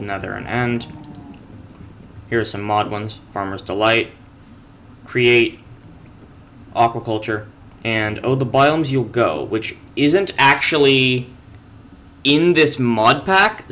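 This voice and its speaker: Low-voiced young man touring his game base. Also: fairly bright tone, a little hiss or hum. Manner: rambling, self-correcting, dry offhand humor. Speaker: player giving a base tour. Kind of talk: casual game walkthrough commentary.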